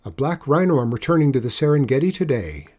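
A man's voice: mid-range voice, big pitch swings, quick pace, a little mellow. A man reading a storybook aloud and voicing an earnest, polite young boy who sounds timid and pleading.

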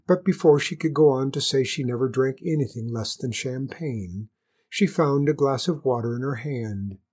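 A storyteller reading a fairy tale aloud in an expressive, lilting way. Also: mid-range voice, breathy edge. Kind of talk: storybook narration.

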